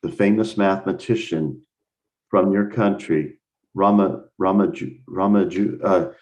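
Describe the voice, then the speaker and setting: A man's voice: sits low, steady tone, measured pace, darkish tone, muffled recording. An American man teaching a live math lesson over a video call, explaining with enthusiasm and thinking aloud as he goes. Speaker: instructor.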